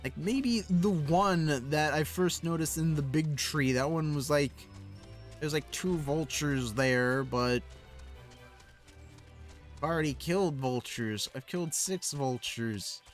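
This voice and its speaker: Relaxed game streamer, slow casual self-talk, soft music underneath. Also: medium pitch. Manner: casual, chuckling, talks to self while playing. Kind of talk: casual live gameplay commentary.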